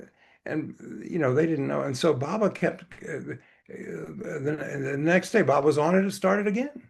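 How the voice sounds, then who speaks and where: A man's voice: on the high side, moderate pace, creaky, husky. A man telling a story at a devotional gathering in a rambling way, with many fillers and restarts. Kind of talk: anecdotal storytelling presentation.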